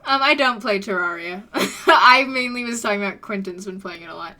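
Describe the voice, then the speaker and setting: A woman's voice: mid-range voice, brisk, pushed and bright. A woman from the United States streaming, reading a visual novel aloud with friends, giggly and self-deprecating.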